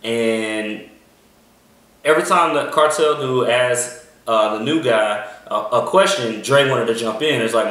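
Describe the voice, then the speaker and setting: A man's voice: medium pitch, measured pace, a bit bright. Man chatting in an echoey room. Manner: rambling, full of ums and restarts. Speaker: podcast co-host. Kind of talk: casual TV episode review chat. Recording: echoey room, mic far off.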